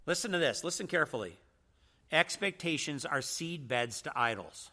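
A man's voice: a little high, animated, normal speed, pushed and bright. A man teaching a church seminar in a preaching style, emphatic and full of rhetorical questions.

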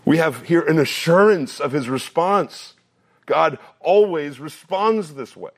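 A man in his thirties preaching a sermon, earnest and repeating phrases as he builds each point, sometimes dropping into a relaxed, story-telling tone. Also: unhurried. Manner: drops to a low conversational tone for a personal story. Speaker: pastor.

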